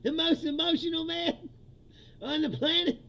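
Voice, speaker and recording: A man's voice: very high voice, steady tone, normal speed, vocal fry, sharp tone, highs cut off. A male comedian in a profane, mocking political rant, often laughing at his own jokes.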